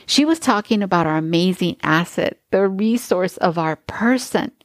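A woman's voice: on the low side, lively intonation, normal speed, no echo. A woman host reading a book aloud and then commenting on it with gushing enthusiasm.

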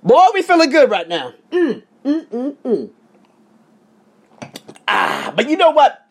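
A man's voice: extremely high pitch, slow pace. A man in his thirties from Las Vegas, hosting a podcast alone and telling a profane, rambling story with plenty of asides while sipping cognac. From Las Vegas, United States. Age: 30s. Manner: animated, profane, drifts off into asides. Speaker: podcast host. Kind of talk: casual storytelling monologue.

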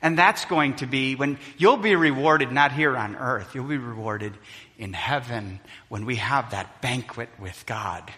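A man preaching a sermon as pastor, swinging between loud emphatic passages and hushed, quiet ones. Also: mid-range voice, measured pace. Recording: long reverb of a large hall.

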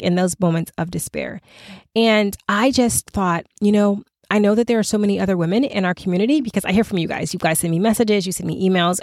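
A woman's voice: mid-range voice, gravelly, no room sound. Earnest woman podcast host. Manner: earnest, conversational, animated. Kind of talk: faith podcast talk.

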